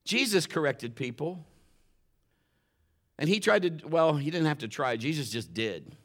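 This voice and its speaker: A man preaching a sermon, often climbing louder and higher when he drives a point home. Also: lively intonation, unhurried. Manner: impassioned, rises sharply in pitch and volume when stressing points; admits getting emotional while preaching. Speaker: pastor.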